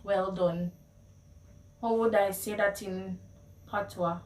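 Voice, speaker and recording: A woman's voice: medium pitch, steady tone, takes it slowly, pauses often, darkish tone. A Jamaican woman hosting a casual language lesson, playfully repeating phrases. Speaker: video host. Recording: echoey room, mic at a distance.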